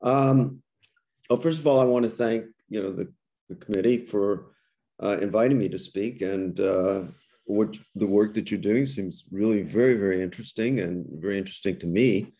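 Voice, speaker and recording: A man's voice: lowish voice, moderate pace, warm tone. An older man, a rabbi, gives a reflective interfaith talk over a video call, often restarting his phrases and then posing rhetorical questions to his listeners. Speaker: rabbi and guest speaker.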